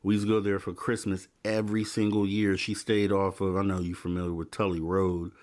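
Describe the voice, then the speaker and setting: Deep-voiced rambling male host. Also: level tone, a little fast, darkish tone. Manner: rambling, hedging his own memories. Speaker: show host. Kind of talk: casual radio chat.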